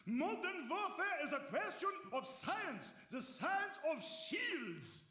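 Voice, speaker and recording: An actor voicing a boastful German shield-master in a video game, with a German accent and a pompous, emphatic way of lecturing. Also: male voice, very high-pitched, very animated, slow pace, sharp tone, heavily acted. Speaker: game character. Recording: game audio, echoey and distant, faint hiss.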